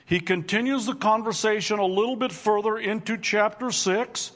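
A man preaching a sermon to his congregation, reading scripture and explaining it with slow, deliberate emphasis. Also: high-pitched, fairly bright tone. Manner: addresses congregation directly. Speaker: pastor.

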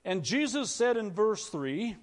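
A pastor delivers a sermon in a relaxed, conversational way, pausing to ask his listeners questions. His voice sits high for a man. The sound carries the long reverb of a large church hall. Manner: conversational preaching, asks the congregation questions.

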